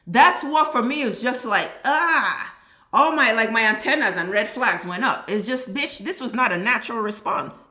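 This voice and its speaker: A woman's voice: on the high side, expressive, moderate pace, sharp tone. A woman giving a heated, exasperated reaction commentary, cursing freely as she vents. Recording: roomy echo.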